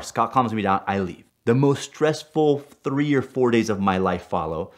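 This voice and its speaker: A man from Puerto Rico telling a personal car story in an animated way. He gets worked up as he goes and often checks in with "right?". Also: medium pitch, normal speed. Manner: excitable, tags lines with "right?", gets worked up as he tells it. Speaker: stunt driver telling car stories.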